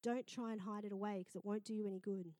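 A middle-aged woman pastor, preaching a sermon in a lively storytelling manner. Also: mid-range voice, quick pace, no echo. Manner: lively storytelling, acting out quoted voices.

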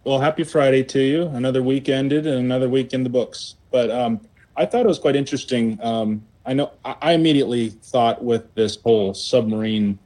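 A man's voice: medium pitch, brisk, dark tone. Man rambling on a call-in. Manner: rambling, with fillers. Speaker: caller. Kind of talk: casual call-in chat.

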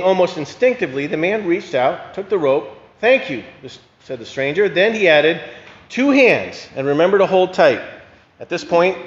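A man gives a reflective, conversational talk and reads a fable aloud in a fairly high voice. His words echo through a large hall. The recording sounds dull and lo-fi. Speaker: speaker. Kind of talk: sermon-style talk and fable reading.

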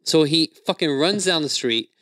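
A man's voice: fairly high pitch, animated, normal speed, fairly bright tone, no room sound. A man with a slightly raised voice tells a story in casual chat. He laughs through his lines, swears freely and acts out the people he quotes. The sound is dry and close.

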